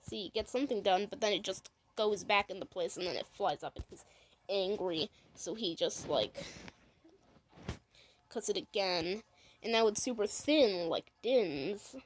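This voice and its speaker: A woman walking through her own animation in a loose, rambling way, piling one "and then" onto the next. Her voice sits at a middle pitch, with faint noise in the background. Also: unhurried, low-quality recording. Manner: rambling, chains "and then he's like". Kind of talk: casual commentary over a video.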